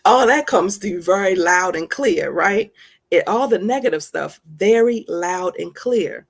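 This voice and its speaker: Woman, motivational talk, emphatic, folksy, gravelly edge. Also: mid-range voice, expressive, normal speed. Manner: emphatic and folksy, calls listeners honey. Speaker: self-help speaker.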